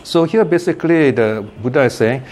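An older man with a mid-range voice teaching meditation to a class. He talks casually and warmly, keeps turning to his listeners with little questions, and chuckles gently as he explains. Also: mid-range voice, brisk, slight background noise. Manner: chatty, checks in with listeners by asking "okay?" and "right?". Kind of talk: informal Dhamma class talk.

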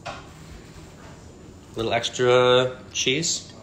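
A man's voice: medium pitch, fairly even intonation, drawn-out words, roomy sound. Guy from new mexico joking around while making tacos, phone mic, lots of cutlery clatter. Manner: playful, joking while cooking. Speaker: vlog host. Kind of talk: casual home cooking vlog. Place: home kitchen at a family dinner table. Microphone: phone held while filming. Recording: noisy phone recording, clattering dishes.

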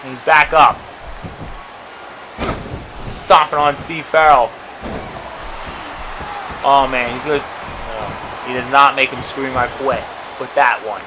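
A man doing excitable play-by-play commentary for an amateur wrestling match, dropping to low murmurs and then shouting at big moments. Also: slow pace, long pauses, noisy background.

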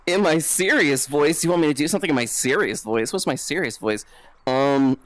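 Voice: medium pitch, lively intonation, slow, pauses often, no room sound, rough recording. A streamer chatting casually and hyperactively on a live VR stream, swearing freely. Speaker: VTuber streamer. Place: home setup, playing VR. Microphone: VR headset setup.

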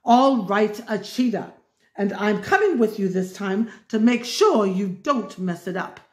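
A woman's voice: medium pitch, animated, unhurried, close to an everyday voice. A woman voicing a haughty, furious rich villainess who sputters and screams, read aloud in a storybook telling, recorded in an echoey room.

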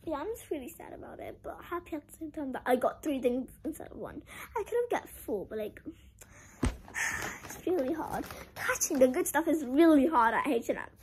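A young girl chatting through a clothing-haul vlog. Her voice sits high and swoops up and down, and she leans on "like" constantly. She sounds dramatic about small disappointments. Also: expressive, normal speed, slight background noise, poor audio. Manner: chatty, heavy use of "like", dramatic about being sad. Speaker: vlogger.

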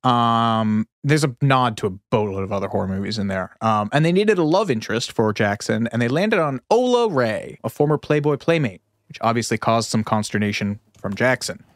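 A man's voice: mid-range voice, lively intonation, moderate pace, no echo, clean studio sound. A man co-hosting a podcast, telling stories in a playful, casual way. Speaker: podcast co-host. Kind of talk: casual chat.

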